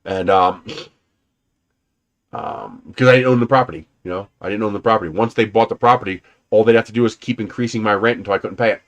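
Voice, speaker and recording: A man's voice: fairly low pitch, fast. A man casually rambling through personal stories on a livestream, laughing often and swearing now and then. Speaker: livestream host.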